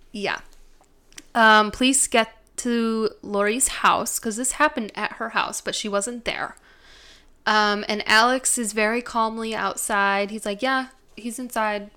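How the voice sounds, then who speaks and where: A woman's voice: medium pitch, bright, forceful tone, smooth. A young woman co-hosting a casual true-crime podcast, chatty and giggly with lots of fillers. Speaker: podcast co-host.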